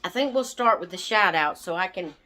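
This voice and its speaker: A woman's voice: lowish voice, expressive, sharp tone. A woman chatting casually to camera as a vlogger, a little out of breath from asthma and easily sidetracked. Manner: slow, chatty, easily distracted. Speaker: doll channel vlogger.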